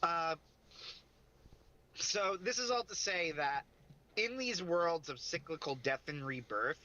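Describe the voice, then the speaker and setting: A man's voice: fairly high pitch, animated, slow pace, sharp tone, rough recording. A man co-hosting a casual livestream chat, rambling and interrupting himself, often breaking into laughs. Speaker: podcast co-host.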